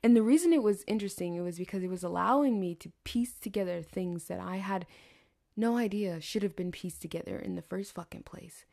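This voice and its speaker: A woman's voice: medium pitch, fairly quick, creaky, mellow. A young adult woman from the American South telling a rambling story in a chatty monologue, swearing freely and laughing often. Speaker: podcast host.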